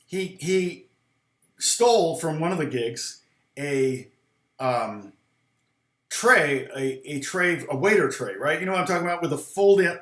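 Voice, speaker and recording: A man's voice: on the high side, a bit bright. A middle-aged man, a guitar teacher on a live stream, telling a story casually and rambling with many fillers and restarts. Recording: roomy echo.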